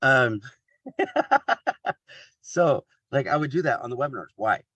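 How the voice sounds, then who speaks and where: A man's voice: mid-range voice, wildly swooping pitch, slow, a bit bright, breathy edge, dry recording, dull audio. A man from Kansas giving a casual motivational talk on a video call, joking at his own expense and laughing often.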